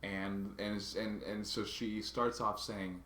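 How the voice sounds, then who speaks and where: A man vlogging casually, telling a story in a halting way and often restarting his words. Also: lowish voice, steady tone, bright, forceful tone, echoey room. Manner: halting, restarts and repeats words while recounting a grievance.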